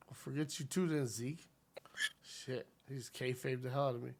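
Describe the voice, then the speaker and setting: A man's voice: medium pitch, steady tone, moderate pace, a little mellow, slight background noise. A man hosting a podcast in casual chat, laughing often and joking with profanity. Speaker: podcast host.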